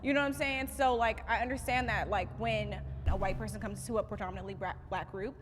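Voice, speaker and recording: A woman's voice: mid-range voice, steady tone, fast talker, soft background music. A woman on a discussion panel, talking in a chatty way with "you know what I'm saying". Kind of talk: casual discussion. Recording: reverberant room with faint noise.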